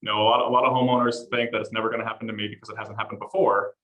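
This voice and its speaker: Male security salesman on a panel, quick and eager, bright-voiced. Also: on the low side, little pitch movement, poor audio. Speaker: home security sales guest. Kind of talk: panel conversation.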